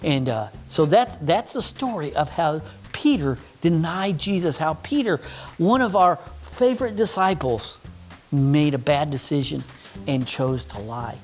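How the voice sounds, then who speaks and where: A man's voice: on the high side, animated, unhurried, a little mellow. A man teaching children a Bible story, patient and mock-stern with a puppet that keeps interrupting.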